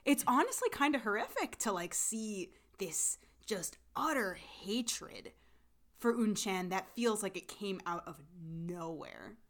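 A woman's voice: mid-range voice, takes it slowly. Chatty woman recapping a show. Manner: animated, laughs often, rambling with fillers. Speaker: podcast co-host. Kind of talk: casual recap chat.

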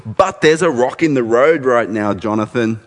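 A man voicing a desperate, jealous king clinging to power, pleading and insistent in a raised, drawn-out voice. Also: medium pitch, in a large hall, close to an everyday voice. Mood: urgent.

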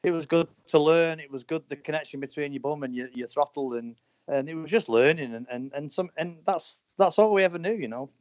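A man's voice: on the high side, a little fast, a little mellow, no room sound. A man in his forties, a motorcycle racer, chatting casually in a rambling way with many "you know"s. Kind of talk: casual chat. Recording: dull lo-fi dry sound.

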